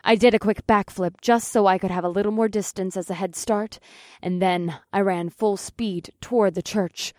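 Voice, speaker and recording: A woman reading a first-person audiobook at a mid pitch, steady and matter-of-fact, with the odd curse dropped in. The recording is dry and close. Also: moderate pace, no room sound. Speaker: audiobook narrator. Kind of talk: first-person scripted narration.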